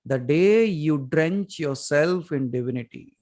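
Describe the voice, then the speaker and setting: A man's voice: a little high, unhurried. A man, a spiritual teacher answering questions in a call session and telling stories with rhetorical questions. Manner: animated storytelling, rhetorical questions.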